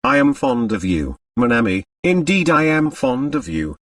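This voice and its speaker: A man's voice: medium pitch, big pitch swings, normal speed, dry recording, recorded from a distance. A man voicing a fickle woman dancer, evasive and coaxing, recorded dry from off the mic. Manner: evasive, coaxing, with French words.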